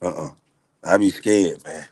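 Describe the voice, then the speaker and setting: This middle-aged man's deep, husky voice moves unhurriedly as he reacts to chat with funny, profane stories, laughing often and staying animated.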